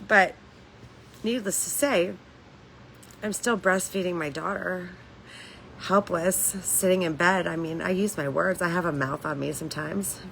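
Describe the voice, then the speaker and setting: A woman's voice: on the low side, measured pace, gravelly, long pauses, a bit bright, slight background noise, low-quality recording. A woman hosting a casual livestream from home, talking candidly in a rambling way, swearing freely and laughing between lines. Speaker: livestream host.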